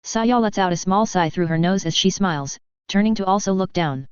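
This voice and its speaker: A woman narrating a first-person fan fiction story in a steady, even reading. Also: medium pitch, a little fast, clean tone, no echo. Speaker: story reader. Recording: dull lo-fi audio.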